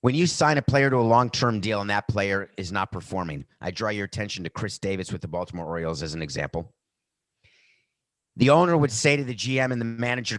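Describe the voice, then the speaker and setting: Male podcast host, lowish voice, dry close sound, quick jokey sports banter. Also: dry recording. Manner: animated, tangents and jokey asides. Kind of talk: sports betting talk.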